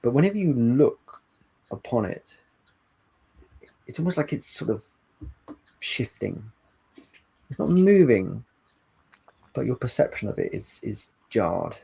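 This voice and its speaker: Slow, gravelly game master man. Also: medium pitch, very animated, dark tone, poor audio. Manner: descriptive, unhurried scene-setting with hums. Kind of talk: narrating a tabletop game.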